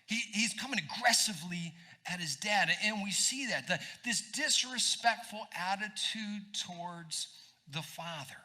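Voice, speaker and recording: A pastor preaches in church with a high, lively male voice. His tone is very bright and cutting, and he talks conversationally, throwing quick asides to the congregation. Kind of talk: sermon.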